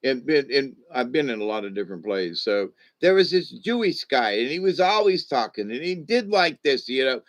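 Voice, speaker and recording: A man's voice: mid-range voice, big pitch swings. An older man talks to his channel in a loose, rambling manner. He trips over his words and starts over often, with a mid-range voice. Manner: halting, restarts often, chuckles. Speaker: channel host. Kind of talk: casual rambling storytelling.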